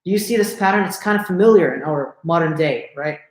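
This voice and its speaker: A man's voice: fairly high pitch, quick pace, hardly any pauses. Man telling a religious story, echoey room. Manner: conversational, checks in with listeners often. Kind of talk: live religious story lesson. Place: lecture room.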